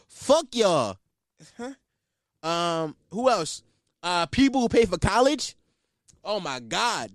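A man's voice: sits high, no room sound, studio quality. A man hosting a podcast, ranting in a brash, profane, boastful way. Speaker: podcast host. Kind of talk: casual comedic rant.

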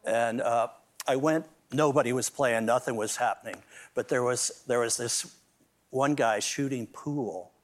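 A man's voice: medium pitch, unhurried. Older male drummer, talk-show guest, rambling storyteller. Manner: rambling anecdotes with many restarts and laughs.

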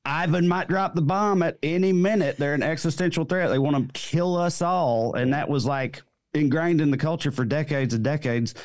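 A man's voice: on the high side, normal speed, no echo, studio quality. A man, a comedian guest chatting casually on a podcast in a wry, rambling way. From Southern United States. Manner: drawling, rambling, wry, self-interrupting.

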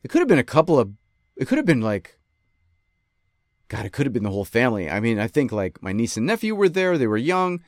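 A man from western New York telling a story in a casual monologue, animated and ranting, often cutting himself off mid-sentence. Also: mid-range voice, fast talker, dry recording, studio quality. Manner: animated, ranting, self-interrupting. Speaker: podcast host.

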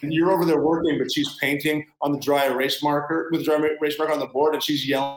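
A man's voice: on the high side, fairly even intonation, fast talker, hardly any pauses, roomy sound, low-quality recording. A man in an interview as a former military guest, talking bluntly and sarcastically in a rambling casual way.

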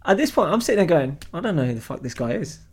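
A young man telling a story on a podcast in an animated, swearing way. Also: a little high, very fast. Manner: animated, swears freely, acts out voices. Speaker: podcast co-host. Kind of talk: casual storytelling chat.

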